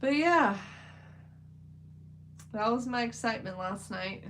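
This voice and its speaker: A woman's voice: fairly high pitch, lively intonation, takes it slowly, fairly bright tone, a little hiss or hum, rough recording. A woman chatting casually on a livestream while she paints, rambling with lots of "like" fillers. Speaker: livestream host.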